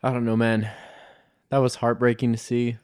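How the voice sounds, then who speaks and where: A man with a mid-pitched voice chats casually with a friend. He speaks in a relaxed way and keeps his questions short. His tone stays easygoing throughout. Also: normal speed, clear, resonant tone. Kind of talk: casual chat.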